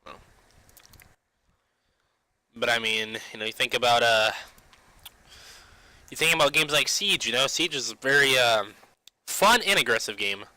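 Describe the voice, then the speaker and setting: A man's voice: medium pitch, expressive, measured pace, pauses often, bright, forceful tone, dry recording, poor audio. A young man ranting casually about games, padding nearly every phrase with "you know", restarting often and swearing now and then. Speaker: gaming vlogger. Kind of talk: rambling casual rant.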